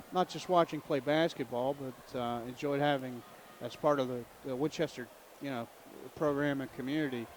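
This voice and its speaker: A man calling a local high school basketball game in a chatty play-by-play style, with faint noise behind him. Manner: chatty, jokey, calls the plays. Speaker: play-by-play announcer. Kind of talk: local sports commentary.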